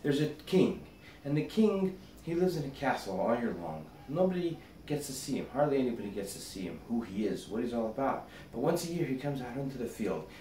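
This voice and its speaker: A male rabbi gives a spoken meditation, unfolding a parable in a gentle storyteller's way. His voice sits at a middle pitch. It comes from a little off the mic, with a roomy echo and faint background noise. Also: big pitch swings, a little fast, recorded from a distance.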